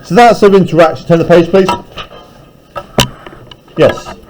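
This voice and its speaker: A man's voice: high voice, moderate pace, darkish tone, poor audio. A male teacher reading a novel aloud in a classroom and breaking off to explain it in casual terms. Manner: reads aloud, then paraphrases casually.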